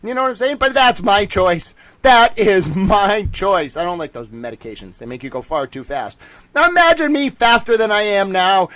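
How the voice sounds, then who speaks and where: A man hosting a livestream, talking in a rapid, excitable rant that sometimes turns to yelling. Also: high-pitched, no echo. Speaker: livestream host.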